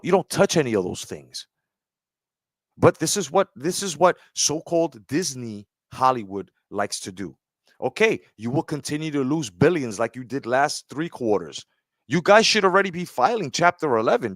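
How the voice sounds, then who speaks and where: A man's voice: mid-range voice, fairly bright tone, no echo, studio quality. A man giving a heated, profane commentary rant, often asking "right?". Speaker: commentary streamer. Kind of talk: ranting commentary.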